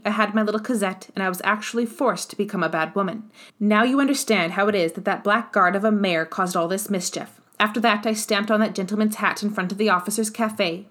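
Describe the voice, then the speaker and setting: A woman's voice: medium pitch, fairly bright tone, lightly acted. A woman reading the part of a desperate, pleading young seamstress in an audiobook, with a feverish, imploring delivery.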